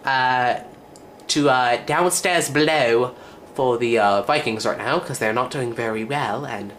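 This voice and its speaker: A man's voice: mid-range voice, measured pace, fairly bright tone, slight background noise. A teenage boy from the United States, talking in a put-on British accent as he hosts a casual, rambling room-tour vlog with jokes and self-corrections. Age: teens. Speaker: channel host. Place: his bedroom, indoors.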